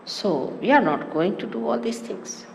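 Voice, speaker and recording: A woman giving a spiritual talk to followers, animated and teasing with amused asides. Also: medium pitch, normal speed, vocal fry. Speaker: spiritual teacher. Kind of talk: sermon-style spiritual talk. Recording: echoey hall with faint hiss, archive 1989 tape.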